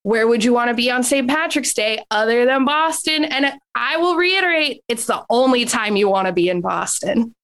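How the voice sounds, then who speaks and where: A woman's voice: fairly high pitch, lively intonation, moderate pace, few pauses, fairly bright tone, clear, resonant tone. A woman on a comedy panel riffing in a brash, profane comic rant.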